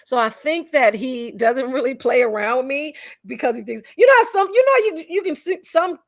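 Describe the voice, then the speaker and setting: A woman's voice: sits high, expressive, normal speed, dry recording, studio quality. A woman guest on a podcast, chatting casually, giggly and teasing. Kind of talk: casual chat.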